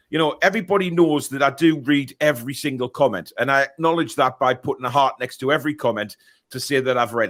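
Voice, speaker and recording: A man's voice: mid-range voice, fairly bright tone. A middle-aged man, hosting a casual football show and reading out viewer comments in a rambling, chatty way. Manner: rambling, chatty, many restarts. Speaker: podcast host.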